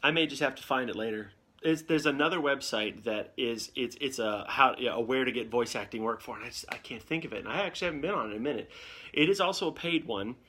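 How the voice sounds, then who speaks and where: A man's voice: medium pitch, brisk, sharp tone, slight background noise. Rambling man giving voice-acting advice. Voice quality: plain everyday nerdy male voice. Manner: rambling and candid, with frequent restarts. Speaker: voice actor hosting a live Q&A. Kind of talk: casual advice chat.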